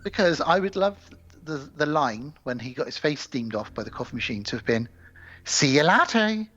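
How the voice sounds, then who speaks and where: A man's voice: mid-range voice, lively intonation, fairly bright tone, husky, faint music behind. Man retelling a film plot, lo-fi audio. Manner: retells the plot with quick acted voices, swears casually. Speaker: podcast co-host. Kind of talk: casual film review chat. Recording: slightly dull, lo-fi podcast audio.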